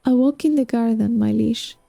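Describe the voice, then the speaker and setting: A woman's voice: on the high side, fairly even intonation, moderate pace, vocal fry, dark tone, dry recording. Woman reading as a clever, probing young queen. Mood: cool. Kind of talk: reading a novel aloud.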